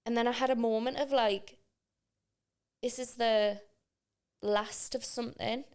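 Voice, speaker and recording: A woman's voice: a little high, fairly even intonation, measured pace, smooth. A woman, co-hosting a casual podcast chat and telling everyday stories with quoted voices. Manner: chatty storyteller acting out quoted voices. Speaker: podcast co-host.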